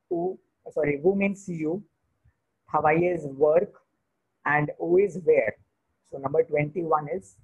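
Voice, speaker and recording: Husky man teaching beginner vocabulary. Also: a little high, narrow, tinny audio. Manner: slow, repeats each word, switches to Hindi to explain. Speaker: French teacher. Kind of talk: beginner language lesson.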